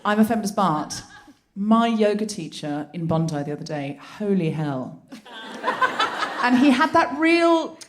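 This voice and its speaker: A woman's voice: mid-range voice, unhurried, heavy background noise. A woman hosting a live comedy podcast on a theatre stage, telling stories with lots of laughter. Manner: animated, laughing storytelling. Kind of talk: live stand-up style banter.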